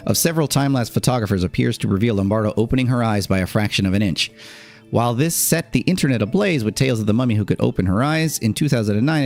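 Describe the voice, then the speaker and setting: A man's voice: medium pitch, darkish tone. A man streamer reading an article aloud on a live stream, with casual asides and laughs in between.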